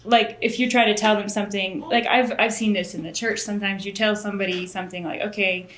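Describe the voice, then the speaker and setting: A woman's voice: medium pitch, fast talker, a little hiss or hum. Young woman guest, echoey room. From Côte d'Ivoire. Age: young adult. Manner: animated storyteller, laughs often. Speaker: missionary guest. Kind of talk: casual interview chat.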